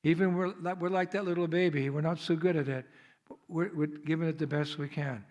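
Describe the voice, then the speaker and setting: A visiting monk with an American accent preaches a devotional sermon in a temple hall, telling stories chattily, laughing often, and acting them out. His voice is fairly high and a little mellow, with fairly even intonation and a fairly quick pace.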